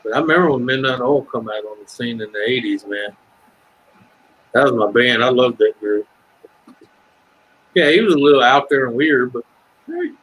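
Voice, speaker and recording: Middle-aged man, Southern US accent, husky, casual rambling livestream chatter. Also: medium pitch, lively intonation, normal speed, pauses often, a bit bright, low-quality recording. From Ohio. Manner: rambling, swears freely, breaks into singing lines. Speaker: livestream chat guest. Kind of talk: casual chat.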